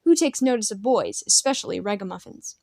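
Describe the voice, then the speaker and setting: A woman's voice: mid-range voice, animated, a little fast, creaky, a little mellow, no room sound, clean studio sound. A woman doing an eager, cheeky boy.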